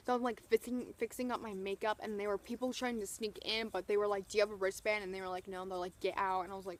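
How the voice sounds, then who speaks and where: A young woman vlogger gushing through an excited storytime, full of "like" and retold quotes. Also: mid-range voice, fairly quick. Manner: gushing, breathless retelling full of "like".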